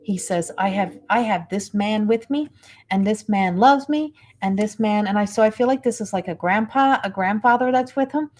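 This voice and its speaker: A woman's voice: medium pitch, moderate pace, darkish tone. A woman medium gives a live psychic reading in a rambling, hesitant way, piling up fillers and restarting her sentences. Her voice is tender and emotionally moved as she passes on messages. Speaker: medium and spiritual coach.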